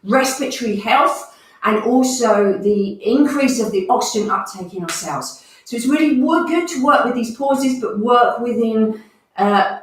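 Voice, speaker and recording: A woman's voice: medium pitch, recorded from a distance. A woman leading a guided movement and breathing class, calling out each movement and breath cue as she goes. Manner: instructive, counting out movements and breath cues. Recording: very echoey room, voice from off the mic.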